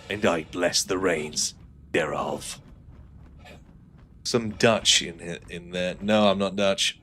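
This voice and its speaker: A man's voice: on the low side, fairly bright tone, slight background noise. A man whose first language is not English, with a mixed, upper-class English-sounding accent, chatting dryly and swearing while streaming a game and reading chat. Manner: dry, jokey, swearing often.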